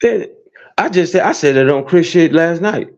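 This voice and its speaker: A man with a Chicago accent ranting in profane, animated commentary, his voice jumping into high squeals. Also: moderate pace. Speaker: commentary streamer. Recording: dull lo-fi sound.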